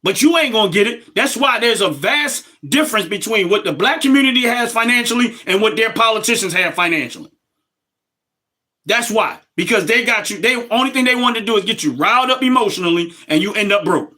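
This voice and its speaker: A man's voice: sits high, lively intonation, brisk, sharp tone. A middle-aged man, hosting a casual livestream and talking emphatically straight to his viewers. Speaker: livestream host.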